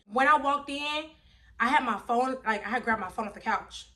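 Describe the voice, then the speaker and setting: A woman telling a wild personal story on her vlog, animated and slangy, acting out everyone's voices. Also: on the high side, normal speed. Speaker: vlogger.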